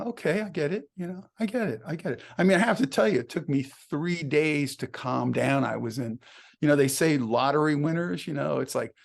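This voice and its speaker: Gravelly, slightly high man telling stories. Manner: animated, laughs often, acts out quoted dialogue. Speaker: songwriter, interview guest. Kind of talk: casual anecdotal storytelling.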